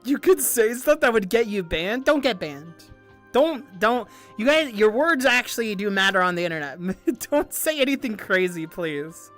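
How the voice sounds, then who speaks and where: A young woman streamer chatting casually with viewers, animated and giggly, swearing often and stumbling over restarts. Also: medium pitch, moderate pace, faint music behind. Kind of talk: casual livestream chat.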